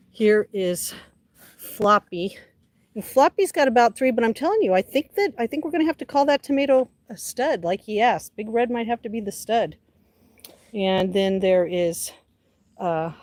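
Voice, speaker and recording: A woman's voice: mid-range voice, a little mellow, dry recording. Chatty woman touring her garden. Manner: chatty, talks to her plants by name. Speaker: livestream host. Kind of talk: casual chat.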